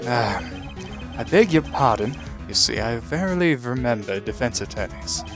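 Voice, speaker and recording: A man's voice: mid-range voice, expressive, moderate pace, lightly acted. A man voicing an arrogant older male prosecutor in a game, with a put-on German accent and a haughty, contemptuous manner. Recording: game music behind.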